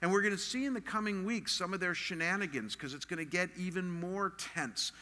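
A man's voice: sits high, fairly quick, bright, forceful tone, big-room sound. A man preaching a sermon as a pastor, earnest and emphatic in a conversational way.

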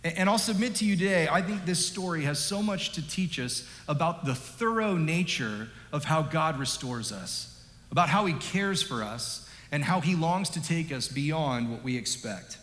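Conversational pastor in a reverberant hall. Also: male voice, on the high side, normal speed. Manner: conversational, jokey, animated storytelling. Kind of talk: sermon. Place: church sanctuary.

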